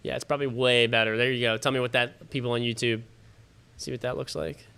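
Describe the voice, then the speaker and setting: A man's voice: medium pitch, little pitch movement, quick pace, creaky, bright, forceful tone, clean tone. A man hosting a fantasy football livestream from his home studio, chatting loosely with viewers, swearing casually and sounding tired and yawning.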